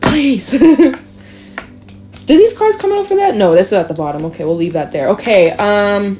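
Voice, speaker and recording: A woman giving a casual tarot reading, talking straight to the listener, chatty and swearing freely, animated at times. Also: mid-range voice, fast, faint music behind. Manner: animated, with sudden laughs and exclamations. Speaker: tarot reader.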